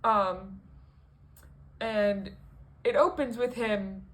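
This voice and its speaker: A woman vlogger rambles through a casual review at a middling pitch. She fills her talk with ums and likes, restarts her sentences and drops amused asides along the way. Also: very slow, a bit bright. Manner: rambling and chatty, with frequent fillers and self-corrections. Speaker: video creator. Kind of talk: casual musical review vlog.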